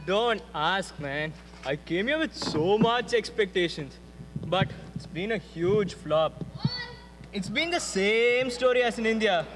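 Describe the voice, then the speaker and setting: A man's voice: high voice, expressive, slow. A young man in a stage skit, complaining glumly to a friend. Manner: glum, complaining. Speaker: student on stage. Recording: echoey hall with loud music.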